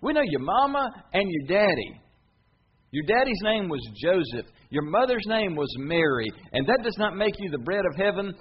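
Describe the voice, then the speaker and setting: A preacher's take on a grumbling crowd, whiny and pushy, sarcastic with every line. The voice sits higher and louder, with a slightly dull recording and faint hum. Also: male voice, expressive, moderate pace, lightly acted.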